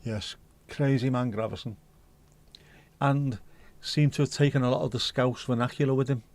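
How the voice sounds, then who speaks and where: A man's voice: mid-range voice, fairly even intonation, normal speed, a little mellow. Joking man hosting a livestream. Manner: chatty, joking banter with mild swearing; reads news excerpts aloud conversationally. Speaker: livestream host. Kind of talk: casual pub-style chat.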